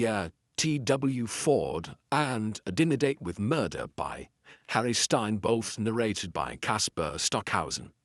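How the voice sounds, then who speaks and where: Low, animated male audiobook narrator. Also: dry recording, clean studio sound. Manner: animated, chatty asides with restarts. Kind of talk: reading pulp fiction, then casual commentary.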